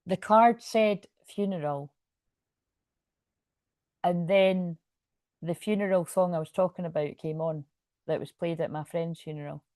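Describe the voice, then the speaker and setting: A woman's voice: on the low side, a little slow, long pauses, darkish tone, no echo. A woman with a Scottish accent giving a rambling, chatty tarot reading, swearing freely and laughing often. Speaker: tarot reader. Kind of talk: casual tarot reading to camera.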